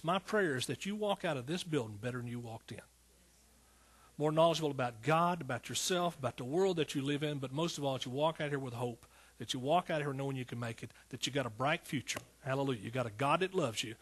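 An older man in his sixties preaches from the pulpit, his voice slightly raised in pitch and husky in grain. He moves between quiet, confiding storytelling and rising, fervent appeals to the congregation. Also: a little fast. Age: 60s. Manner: storytelling, swings from soft asides to fervent exhortation. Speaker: pastor. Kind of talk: sermon.

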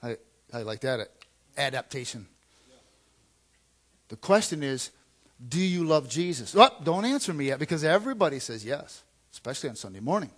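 A man, a pastor, preaching a sermon in a conversational way, repeating phrases and swinging from quiet asides to loud emphatic lines. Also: mid-range voice, big pitch swings, normal speed, long pauses.

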